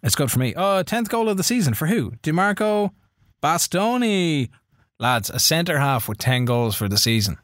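A man's voice: fairly high pitch, moderate pace, dry recording. Irish podcast co-host, young adult man, calls his game as it plays out, dry close mic. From Ireland. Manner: running commentary on his own game, excitable bursts. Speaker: podcast co-host playing a football management game. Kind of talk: casual live-play chat.

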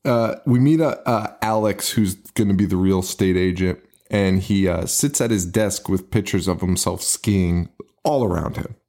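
A man's voice: low voice, normal speed. Laughing, profane male podcast co-host. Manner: laughs often, profane, animated retelling. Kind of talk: casual podcast chat.

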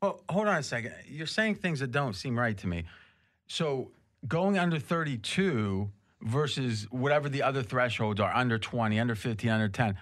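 A man hosting a sports betting talk show, casually debating and skeptically questioning his co-hosts, often cutting in. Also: mid-range voice. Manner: probing, skeptical, keeps interrupting with questions. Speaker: sports betting podcast host.

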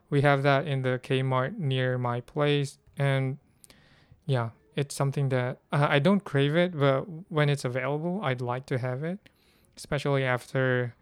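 A man's voice: mid-range voice, clean tone, dry recording. A man from the Philippines, hosting a casual solo podcast and thinking aloud with many fillers. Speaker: podcast host.

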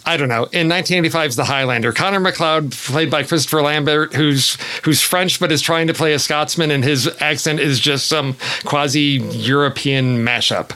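A man's voice: a little high, normal speed, pushed and bright, poor audio. A man chatting casually about movies, offhand and self-deprecating. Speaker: podcast guest.

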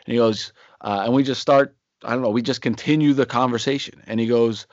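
A man in his forties co-hosting a podcast, spinning a rambling anecdote in a relaxed, chatty way. The audio is dry and a little dull. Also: medium pitch, fairly quick, no echo. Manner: rambling anecdotal storyteller, acts out quotes. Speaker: podcast co-host. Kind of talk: casual storytelling chat.

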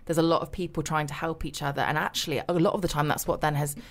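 A woman on a podcast panel chatting about a book, lively and laughing as she hunts for words. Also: sits low, quick pace. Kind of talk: casual book club discussion.

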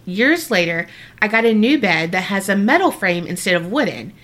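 Bright-voiced bubbly woman co-host. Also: mid-range voice, very animated. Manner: bubbly and reactive, quick exclamations. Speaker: podcast co-host. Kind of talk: casual chat, reading a listener letter.

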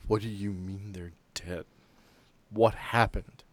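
A man voicing a grieving woman back from the dead, speaking softly in a tearful, pleading way. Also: fairly low pitch, fairly even intonation, slow. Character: grieving woman returned from the dead, a hunter's wife.

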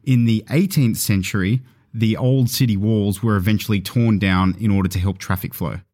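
A man's voice: fairly low pitch, steady tone, moderate pace, a little mellow. A man with a British accent, a podcast guest explaining history step by step in a casual chat. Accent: British English. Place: studio.

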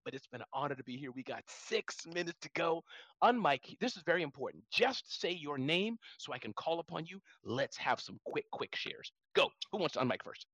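A man in his forties hosting a live audio room on his phone, talking fast and excitably. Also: a little high, no room sound. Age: 40s. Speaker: host.

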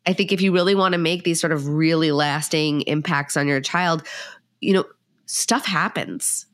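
A woman's voice: low voice, fairly even intonation, brisk, no room sound. A woman hosting a podcast interview, talking in a thoughtful, earnest way about coaching parents.

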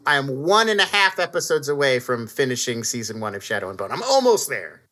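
Guy cohosting a chatty podcast, bright voice that bounces all over, keeps dropping into goofy voices. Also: medium pitch, fairly quick. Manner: animated, slips into silly character voices. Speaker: podcast co-host. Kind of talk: casual chat.

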